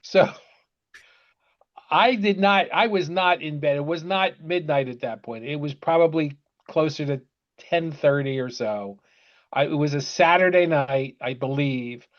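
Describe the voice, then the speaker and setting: Older male co-host, slightly high voice, relaxed chuckling storyteller, dull call audio. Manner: unhurried, filler-heavy, chuckling. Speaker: podcast co-host, father. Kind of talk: casual storytelling chat.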